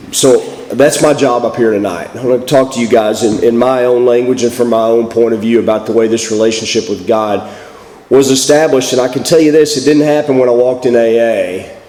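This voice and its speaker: A man with a Texan accent, hoarse from a head cold, giving a folksy, self-deprecating personal recovery talk at a church meeting. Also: medium pitch, moderate pace, warm tone. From Texas. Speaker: guest speaker at a recovery meeting. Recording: echoey hall.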